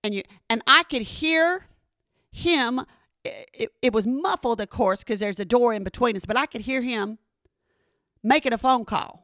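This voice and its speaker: A woman telling a funny personal story in an animated, exasperated way, talking straight to her listeners. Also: on the high side, moderate pace, no room sound, studio quality. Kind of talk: comedic storytelling monologue.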